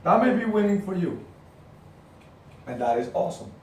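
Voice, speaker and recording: A middle-aged man giving an energetic, emphatic motivational talk to his team, telling stories with punchy repetitions. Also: high-pitched, moderate pace. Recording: very echoey room, far from the mic, faint noise.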